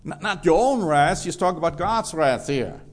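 A man's voice: fairly high pitch, animated, moderate pace. A man preaching a sermon, emphatic, reading scripture aloud and stressing key words.

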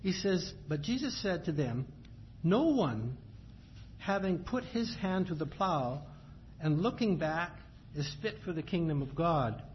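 Preaching a sermon, a man with a somewhat high, lively voice reads scripture in a measured cadence and then explains it in plain, everyday language. The recording sounds dull and lo-fi, with faint ambient noise in the background.

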